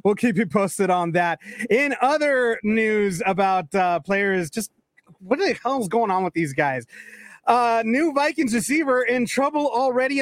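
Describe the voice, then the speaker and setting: A man's voice: high voice, no room sound, clean studio sound. A man co-hosting a sports podcast, joking and laughing often in casual chat. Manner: joking, laughs often, acts out voices in anecdotes. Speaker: podcast co-host.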